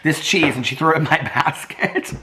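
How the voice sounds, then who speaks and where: A man's voice: a little high, fairly even intonation, brisk, sharp tone. A man vlogging casually, rambling through a story with lots of fillers and quoted dialogue.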